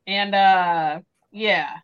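A woman's voice: medium pitch, extremely slow, smooth, dull audio. A woman co-hosting a casual podcast chat, acting out lines as she retells scenes. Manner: animated, acts out quoted lines. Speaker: podcast co-host.

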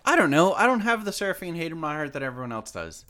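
A man co-hosting a casual gaming podcast, talking in a relaxed, halting way and often restarting his sentences. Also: a little high, crowd noise. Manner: hesitant, lots of restarts and fillers. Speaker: podcast co-host.

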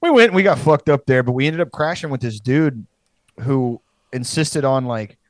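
A man's voice: mid-range voice, animated, moderate pace, no room sound. A young man telling a rambling, profane story in casual podcast chat, laughing as he goes.

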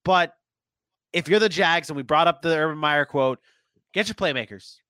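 Bright-voiced man chatting about sports. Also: on the high side, moderate pace, clear, resonant tone, dry recording. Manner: chatty, thinks aloud with restarts and hedges. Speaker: sports podcast co-host. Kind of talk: casual sports podcast chat.

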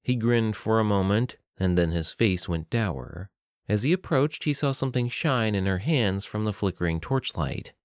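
A man reading a fantasy story aloud as narrator, in a steady, measured way. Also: lowish voice, no room sound, studio quality.

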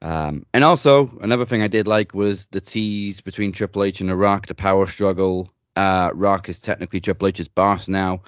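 A man's voice: low-pitched, moderate pace, hardly any pauses, no echo. A man hosting a wrestling podcast, chatting casually and bluntly, joking and swearing freely. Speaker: podcast host.

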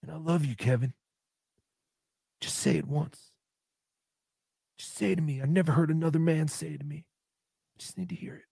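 A man voicing a needy, lonely adult man who pines for an old friend, speaking softly and pleading. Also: a little high, normal speed, long pauses, no room sound, studio quality, pitched below the performer's own voice. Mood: mopey pleading. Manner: soft, mopey, pleading.

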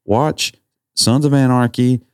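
A man's voice: medium pitch, fairly even intonation, takes it slowly, smooth, no echo, clean studio sound. A man, co-hosting a podcast and joking around in casual chat. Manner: joking, riffs with silly voices. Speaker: podcast co-host.

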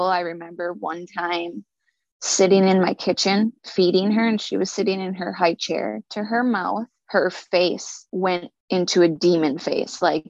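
Low, gravelly woman telling her story. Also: no echo. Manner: earnest, halting, repeats words when emotional. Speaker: speaker sharing a personal story. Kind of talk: personal testimony. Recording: dull lo-fi recording.

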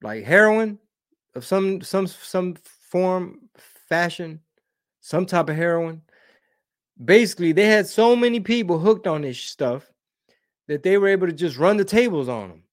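A man's voice: high voice, expressive, a little slow. A man hosting a casual live stream, reading viewer comments in a rambling, slangy way and dropping Spanish words.

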